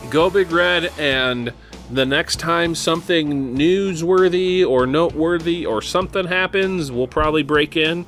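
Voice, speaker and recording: A man's voice: on the high side, unhurried, fairly bright tone, soft background music. A man from Nebraska hosting a podcast in casual chat, rambling with lots of fillers and chuckles. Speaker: podcast host.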